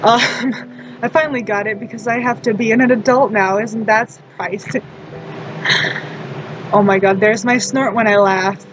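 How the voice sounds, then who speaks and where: Woman in her twenties, higher pitch, chatty self-mocking storyteller; vehicle noise audible in the background. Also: fairly even intonation, a little slow, long pauses. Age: 20s. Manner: laughs often, self-deprecating. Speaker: storytime vlogger. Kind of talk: casual rambling storytelling.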